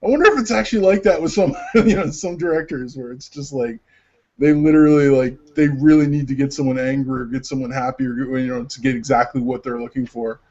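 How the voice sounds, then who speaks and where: A man's voice: mid-range voice, brisk, a little mellow. A man chatting casually as a podcast co-host, his voice sitting in a middle range. He rambles and retells scenes with lots of filler words. The recording sounds dull and lo-fi. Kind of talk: casual chat about movies.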